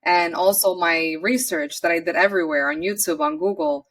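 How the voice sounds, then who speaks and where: A woman's voice: on the low side, expressive, moderate pace, fairly bright tone, recorded from a distance. A woman from New York City, a podcast guest telling her personal story in an earnest, chatty way and often acting out her own past words.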